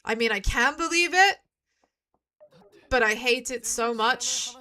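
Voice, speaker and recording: A woman's voice: on the high side, slow pace, sharp tone. A woman doing casual let's-play commentary as a streamer, emphatic and swearing often.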